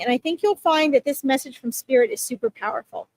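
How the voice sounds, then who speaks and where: A woman's voice: sits high, fast, no room sound. A woman hosting live psychic readings, talking casually and reassuringly to her viewers, with frequent okays and ums. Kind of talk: casual livestream talk to viewers.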